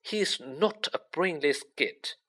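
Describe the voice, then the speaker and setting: A man reading a story aloud, putting on the voice of a clever, bossy young schoolgirl who talks shrilly and excitedly. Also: fairly high pitch, slow pace, voice pushed up, exaggerated voice. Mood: shrill. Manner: breathless, excited.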